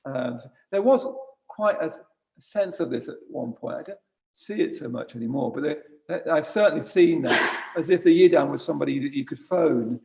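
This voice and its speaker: A man's voice: on the high side, animated, moderate pace, gravelly, a little mellow. A man giving an informal dharma talk as a Buddhist teacher, conversational and wry, often correcting himself mid-sentence. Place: retreat centre shrine room.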